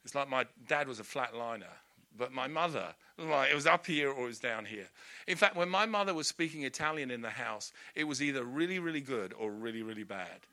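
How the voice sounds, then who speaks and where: A male preacher giving a lively storytelling sermon with humorous asides. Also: medium pitch, fairly quick. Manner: animated, storytelling, laughing asides.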